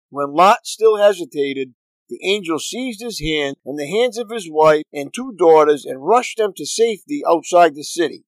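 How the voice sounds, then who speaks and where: A pastor reading scripture aloud in a steady, earnest manner. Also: male voice, fairly high pitch, normal speed, no room sound, low-quality recording.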